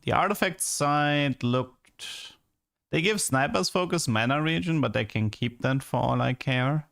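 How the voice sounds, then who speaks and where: A game streamer talks casually on his livestream, ranting in an exasperated way with lots of restarts and "like." His mid-range voice is slightly slow and a bit bright, with some vocal fry.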